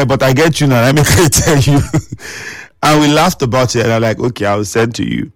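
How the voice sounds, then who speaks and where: A man's voice: mid-range voice, a little fast, no echo, studio quality. Scolding Nigerian man on radio. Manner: scolding, lecturing, mixing pidgin. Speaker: radio talk show host. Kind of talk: preachy radio commentary.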